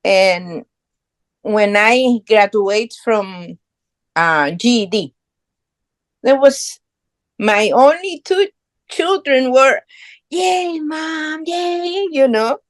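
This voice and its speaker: Speaking extremely slowly with long pauses, a middle-aged Guatemalan woman with a high, animated voice shares her story as a podcast guest. Her English has non-native phrasing, and she sounds earnest and proud in this casual storytelling, recorded dry.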